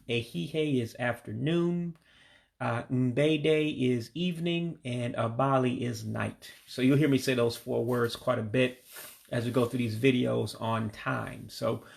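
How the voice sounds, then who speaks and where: A man with a gravelly, creaky voice leads a home-made vocabulary lesson. He talks patiently and says each word slowly, more than once, so listeners can practice. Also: medium pitch. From United States. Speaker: language learner teaching vocabulary.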